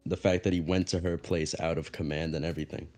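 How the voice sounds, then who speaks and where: A male voice actor chatting casually on a voice call, soft-spoken and supportive. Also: low voice, little pitch movement, quick pace, faint music behind. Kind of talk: casual chat.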